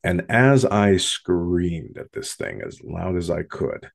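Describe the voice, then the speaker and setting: A man telling a first-person paranormal story in an intense, dramatic way with long pauses. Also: sits low, lively intonation, gravelly.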